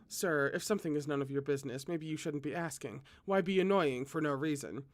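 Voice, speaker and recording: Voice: mid-range voice, a little fast, natural voice. A reader doing a cold, arrogant necromancer king. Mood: chilly. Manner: curt and chilly. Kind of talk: audiobook read-aloud.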